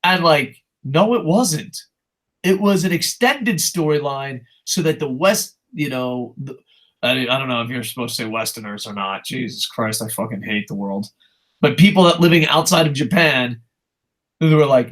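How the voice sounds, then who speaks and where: On his laid-back wrestling podcast, an adult man with a child goes on a passionate, profanity-laced rant, swearing nonstop and reading out comments from viewers. His voice sits a little high and is animated and a bit bright, at a moderate pace.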